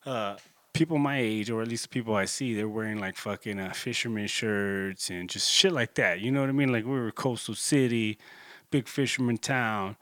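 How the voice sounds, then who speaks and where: A vlogger in his 30s from Corpus Christi, Texas, rambles casually through a solo monologue, laid-back and profane, packed with fillers. His voice is on the low side with a fairly bright tone, at normal speed, in a dry recording.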